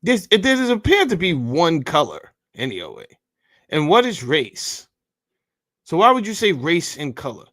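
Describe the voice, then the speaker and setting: A man's voice: a little high, wildly swooping pitch, unhurried, fairly bright tone. A man hosting a podcast, giving blunt, heated commentary full of profanity while reading from a bill. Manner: heated, blunt and profane, says bro a lot. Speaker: podcast host.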